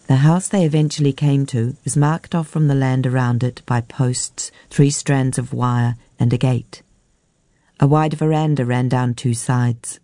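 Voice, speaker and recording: A woman narrating a novel as an audiobook in a steady, measured way. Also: very deep voice, no echo.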